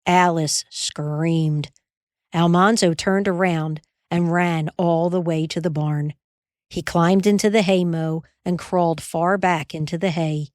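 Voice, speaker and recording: Woman narrator for a storybook reading, slow and measured, dry and close. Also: fairly low pitch, no echo. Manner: measured, expressive. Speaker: audiobook narrator.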